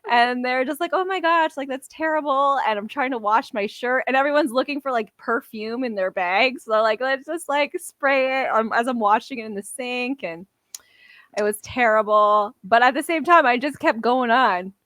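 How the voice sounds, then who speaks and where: A young woman with a bright, fairly high voice, co-hosting a casual podcast. She rambles through her stories, fills them with "like" and laughs her way along. The mic is close and dry. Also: moderate pace, dry recording. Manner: rambling storyteller, lots of "like", laughs often. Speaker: podcast co-host. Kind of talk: casual chat.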